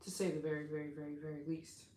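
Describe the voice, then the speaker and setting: A woman chatting on a live stream, gushing and excitable, her speech full of "like." Her voice sits on the lower side, and the room around her rings with echo. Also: racing. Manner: effusive and excitable, heavy use of "like". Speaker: travel vlogger hosting a live stream. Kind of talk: casual live-stream chat with viewers.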